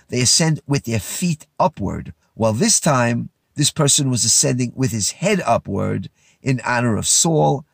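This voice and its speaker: A man teaching a verse-by-verse Bible lesson, reading lines and retelling them in casual, lively words. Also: mid-range voice, slightly rough, no room sound, studio quality. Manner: animated, paraphrases verses in casual speech.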